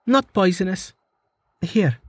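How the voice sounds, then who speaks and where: A man's voice: sits high, expressive, slow pace, no echo, voice pushed up, heavily acted. A man voicing a practical young woman mage in a raised, dry, matter-of-fact voice.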